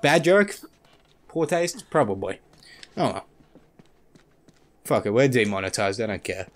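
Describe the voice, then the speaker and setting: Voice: mid-range voice, big pitch swings, a little slow. A gamer giving casual let's-play commentary, often swearing and talking back to the game. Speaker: gameplay commentator. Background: game music and gunfire.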